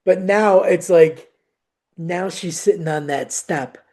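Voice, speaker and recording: A woman co-hosting a podcast, telling a personal story in an animated, emotional way and acting out the dialogue. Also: fairly low pitch, slow pace. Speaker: podcast co-host. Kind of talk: casual chat, personal storytelling.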